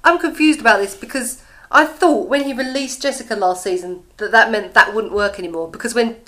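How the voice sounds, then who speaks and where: A woman's voice: on the high side, fairly quick, a bit bright. An English woman co-hosting a podcast, recapping a TV episode in casual chat and laughing often. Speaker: podcast co-host.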